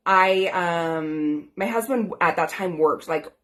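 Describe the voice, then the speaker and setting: Speaking slowly in a lowish, somewhat bright voice, this thirtysomething woman shares a personal story to camera. She's a life coach, and her earnest, grateful chatter is full of "like" and "um" fillers.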